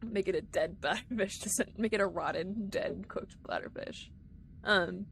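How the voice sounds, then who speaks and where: A woman's voice: medium pitch, normal speed, gravelly, fairly bright tone, slight background noise. A woman streamer chatting casually with her viewers while playing a game live, giggling often. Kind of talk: live-streamed gameplay chat.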